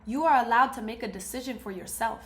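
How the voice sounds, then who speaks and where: A woman's voice: on the high side, quick pace. A woman giving an emphatic, preachy motivational talk to camera, repeating her key phrases. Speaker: motivational speaker. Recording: roomy echo, faint ambience.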